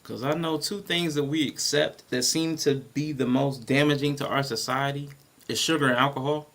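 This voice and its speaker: A man's voice: mid-range voice, steady tone, moderate pace, gravelly, a bit bright. A man hosting a casual podcast discussion, rambling and thinking aloud with frequent restarts. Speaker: podcast host.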